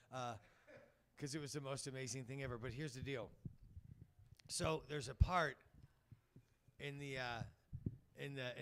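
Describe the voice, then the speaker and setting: Man, stand-up comic, rambling storyteller, slips into voices and sung bits, slightly high voice. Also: fairly bright tone. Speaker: stand-up comedian. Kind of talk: stand-up set. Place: comedy club stage.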